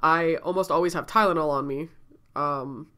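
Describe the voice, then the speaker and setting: A woman's voice: low-pitched, fairly even intonation, normal speed, sharp tone. A woman telling a casual story-time vlog while sick and out of breath, chatty and rambling, often laughing and coughing between thoughts. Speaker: vlogger.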